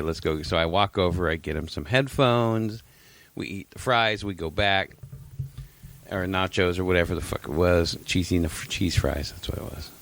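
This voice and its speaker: A man's voice: low-pitched, a bit bright, dry recording. A man co-hosting a podcast, telling a long, rambling story in casual chat, swearing freely and laughing often. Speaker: podcast co-host.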